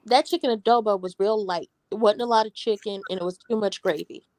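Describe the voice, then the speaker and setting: A woman hosting a casual reality TV recap, talking in an animated, sassy, slangy way. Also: medium pitch, fairly quick, no room sound. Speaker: show recap host.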